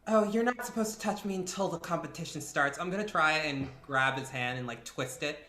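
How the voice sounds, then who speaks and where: A woman's voice: deep voice, a little fast, bright, forceful tone, roomy sound. A woman playing a tabletop game, speaking confidently and teasingly in and out of character. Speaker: player. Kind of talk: tabletop role-play.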